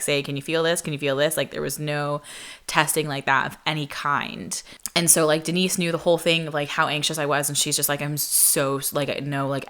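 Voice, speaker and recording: A young woman hosting a podcast, telling a story in casual chat, full of "like" fillers and quoting people in higher, sharper voices. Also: bright, forceful tone, smooth. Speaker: podcast host.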